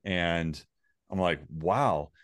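A man's voice: low voice, extremely slow, no room sound, studio quality. A man casually telling a personal story, rambling and swearing freely.

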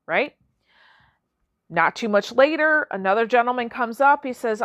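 A woman's voice: fairly high pitch, normal speed, fairly bright tone, dry recording. Chatty woman hosting a podcast. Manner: chatty, with many fillers and restarts. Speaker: podcast host. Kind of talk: solo podcast talk.

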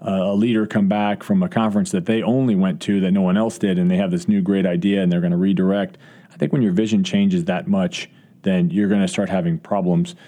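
With a low, mellow voice that barely moves in pitch, a college football coach talks a little fast on a podcast. He responds to interview questions earnestly, with lots of fillers and restarts.

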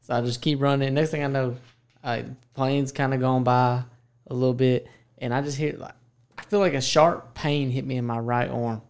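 A man's voice: mid-range voice, steady tone, moderate pace, smooth. A man co-hosting a podcast, telling a story in casual chat and laughing often.

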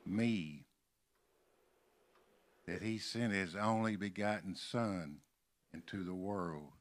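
An older man from Kentucky preaching a sermon in a church, slowly stressing and repeating key words. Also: deep voice. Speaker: pastor. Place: church sanctuary.

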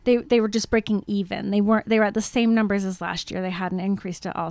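A woman's voice: medium pitch, fairly even intonation, brisk, hardly any pauses, a little mellow, no echo. A woman casually recapping a film in a chatty talk show, acting out the scenes in quoted voices. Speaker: podcast co-host.

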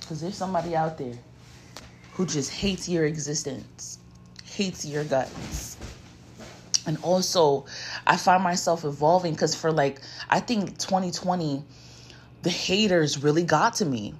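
Brief: woman, lowish voice, blunt and profane, unscripted rant, faint background hiss. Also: unhurried. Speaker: spiritual content creator and card reader.

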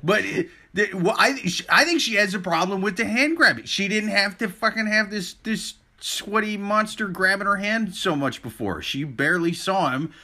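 A man's voice: sits high, moderate pace, hardly any pauses, pushed and bright. A young man in casual podcast chat, blunt and crude, joking as he talks.

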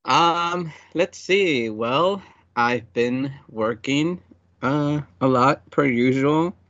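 Easygoing male co-host, unhurried, muffled dry call audio. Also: mid-range voice, a bit bright, no room sound. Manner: laid-back, laughs easily. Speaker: podcast co-host. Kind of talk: casual chat over beers.

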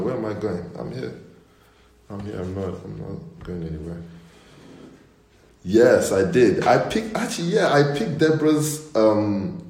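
Young male pastor, deep voice, lively storyteller doing impressions, casual livestream, roomy echo. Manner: animated storytelling with mimicked voices. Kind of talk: casual online livestream chat. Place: indoors at home.

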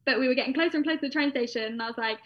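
A young woman with a British accent recounts a personal story in a loose, chatty manner, full of fillers and asides. Her voice sits fairly high. The recording sounds dull and lo-fi. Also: very fast. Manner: chatty, with frequent fillers and laughs. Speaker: guest.

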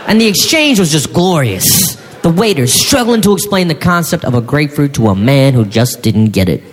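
A man performing a stand-up comedy routine, animated, with mock-shouting asides. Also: fairly high pitch, normal speed. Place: comedy stage before an audience. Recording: live hall with reverb, faint noise.

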